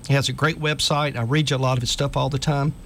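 Male talk radio host, mid-pitched voice, earnest and urgent, reads articles on air into a studio mic. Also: flat delivery, fast, a bit bright.

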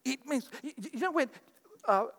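A man preaching a sermon as pastor, animated and repetitive, telling stories to his church. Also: extremely high pitch, normal speed, long reverb tail. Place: church sanctuary.

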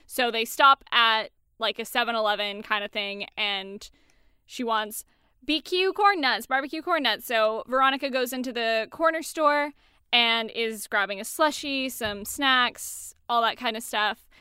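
Chatty bright-voiced young woman. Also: fairly high pitch, measured pace, clear, resonant tone, dry recording, clean studio sound. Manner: chatty, animated, swears casually, acts out quotes. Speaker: podcast co-host. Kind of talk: casual chat recapping a movie.

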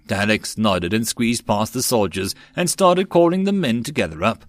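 A man reading a web novel aloud as an audiobook narrator in a steady way. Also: lowish voice, moderate pace, hardly any pauses, dry recording.

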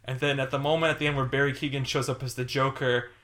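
A young man co-hosting a casual film podcast, talking in an animated, rambling way and laughing easily. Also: medium pitch, fast. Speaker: podcast co-host.

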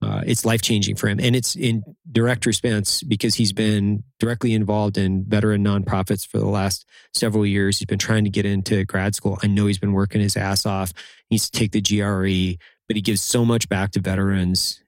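A man hosting a podcast in casual chat, relaxed and slangy, quick to agree with his guest. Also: on the low side, dry recording.

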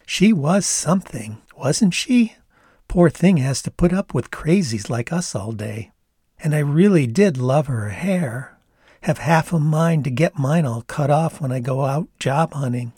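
A man's voice: fairly high pitch, expressive, a little slow, warm tone, slightly rough, dry recording, studio quality. A man voicing a laid-back young woman backpacker with a Canadian accent, in an easygoing, dreamy drawl.

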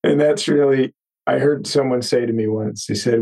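A man hosting an interview podcast, summing up and asking questions in a measured, thoughtful way. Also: medium pitch, gravelly, a little mellow, rough recording. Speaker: podcast host.

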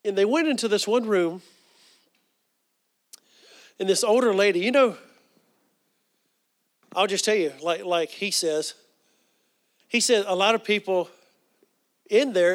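A man's voice: sits high, a little slow, long pauses. A man preaching a sermon, telling stories earnestly with frequent fillers.

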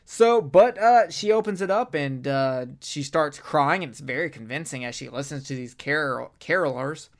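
A podcast co-host in a casual film review chat, talking in an animated, profane and rambling way. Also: medium pitch, normal speed, hardly any pauses.

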